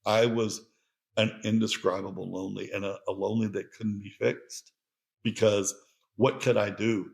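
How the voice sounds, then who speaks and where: A man's voice: on the low side, little pitch movement, normal speed, gravelly. A middle-aged man hosting a podcast, talking in an earnest, heartfelt monologue. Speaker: podcast host.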